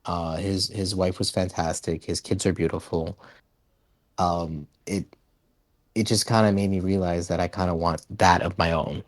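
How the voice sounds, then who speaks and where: A man's voice: low-pitched, steady tone, moderate pace, no echo. A man being interviewed on a podcast, telling loose rambling stories and laughing as he goes. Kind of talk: casual storytelling interview.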